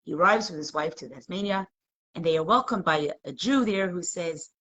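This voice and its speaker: Animated woman telling a story. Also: fairly low pitch, a little fast. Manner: animated, conversational, acts out quotes. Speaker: Torah class teacher. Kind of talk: storytelling in a live class.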